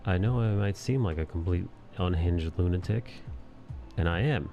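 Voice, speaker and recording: A man's voice: deep voice, moderate pace, highs cut off, faint music behind. A man in his thirties hosting a casual live stream while he draws, rambling and joking crudely with the chat. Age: 30s. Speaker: live-stream host and artist.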